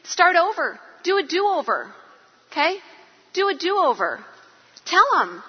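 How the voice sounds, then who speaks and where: A middle-aged woman giving an animated, chatty talk to an audience of women about parenting, acting out little quotes as she goes. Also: high voice, moderate pace, big-room sound, dull audio. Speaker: speaker at a women's parenting event.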